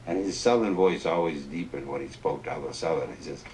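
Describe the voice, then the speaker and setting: Deep-voiced guy telling a story for a documentary, mic a bit far off. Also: fairly quick, a little mellow, slight background noise. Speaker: interviewee, storyteller. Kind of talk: documentary interview anecdote.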